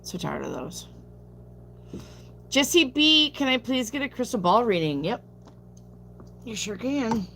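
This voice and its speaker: A woman's voice: fairly high pitch, very animated, takes it slowly, pauses often, fairly bright tone, slight background noise. A woman reading tarot on a live stream, chatting casually, reading viewer questions aloud and answering them bluntly, sounding sleepy. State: sleepy, yawning.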